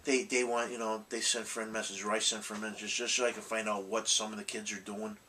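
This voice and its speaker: Blunt, rambling man with a bright voice. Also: fairly low pitch, flat delivery, brisk, recorded from a distance, slight background noise, rough recording. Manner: blunt, rambling, with frequent restarts and mild cursing. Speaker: collectibles channel host. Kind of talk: casual rambling vlog talk.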